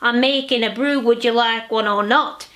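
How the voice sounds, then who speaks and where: A woman's voice: a little high, steady tone, normal speed, fairly bright tone, natural voice. A woman voicing a patient middle-aged husband making breakfast, asking plain matter-of-fact questions in a Northern English accent.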